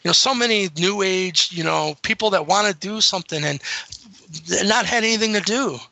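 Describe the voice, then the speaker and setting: Gravelly, bright-voiced man rambling through stories. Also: high-pitched, brisk, dry recording, low-quality recording. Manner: rambling, animated retelling of encounters. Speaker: interview guest. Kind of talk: casual storytelling.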